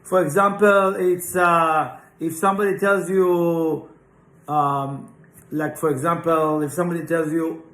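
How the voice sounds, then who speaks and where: Here a Kabbalah teacher speaks in an unhurried, flat way, his voice a little high and fairly bright. He leads an informal spiritual class in a classroom, live and online, stressing points emphatically and asking "right?" and rhetorical questions. The recording picks up a roomy echo.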